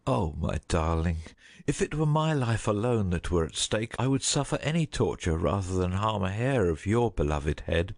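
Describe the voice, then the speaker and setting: A man voicing a loyal huntsman torn between duty and mercy, in a slow, heavy, pleading delivery. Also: fairly low pitch, expressive, a little mellow. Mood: grieving.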